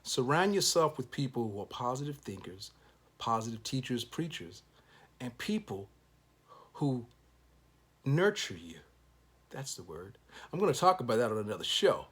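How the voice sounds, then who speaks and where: A man's voice: mid-range voice, big pitch swings, moderate pace, pauses often, a bit bright, husky. A man hosting his own show, giving an upbeat, encouraging motivational monologue with preacherly sign-offs. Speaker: show host.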